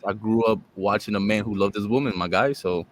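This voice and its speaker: A young man joins a podcast chat as co-host and tells stories with jokes and energy. His voice sits fairly low for a man. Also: fairly quick, a crowd in the background. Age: young adult. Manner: joking, animated storyteller. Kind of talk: casual chat.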